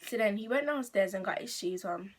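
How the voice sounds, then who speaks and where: Teenage girl, English accent, rambling storytime vlog, chatty and loose, mid pitch. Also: lively intonation, brisk. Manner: chatty, rambling, full of "like" and restarts. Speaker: vlogger. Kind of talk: casual storytime.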